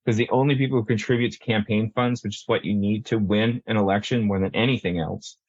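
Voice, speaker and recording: A man's voice: lowish voice, fairly even intonation, fast talker, darkish tone, husky, dry recording, lo-fi sound. A man talking through a policy discussion, rambling with many restarts and fillers. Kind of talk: casual panel discussion.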